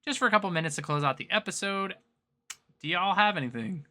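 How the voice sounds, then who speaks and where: A man with a very bright, forward voice and a Southern US accent, hosting a gaming podcast among friends. He talks casually, hedging and restarting with plenty of "like" fillers. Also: high voice, fast talker. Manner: relaxed, filler-heavy, hesitant. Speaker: podcast host. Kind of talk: casual chat.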